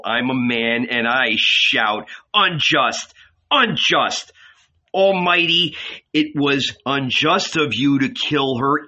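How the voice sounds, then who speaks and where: A male narrator gives voice to Jesus, a grieving man in fierce, indignant protest. The delivery is slow and deliberate, with a bright edge to the tone. The recording sounds dull and lo-fi. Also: medium pitch.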